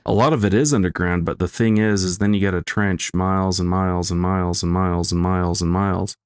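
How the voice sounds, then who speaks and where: Man, low voice, hesitant rambling chat, dry close sound. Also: steady tone, fairly quick, smooth, dry recording. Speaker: podcast co-host. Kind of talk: casual chat.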